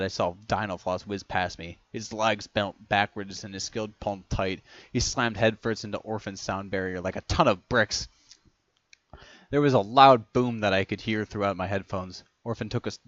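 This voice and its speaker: A man reads a first-person story aloud in a lowish voice, tripping over words and correcting himself as he goes. The sound is dull and muffled, with a dry, close feel. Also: no echo. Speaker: reader of a fan story.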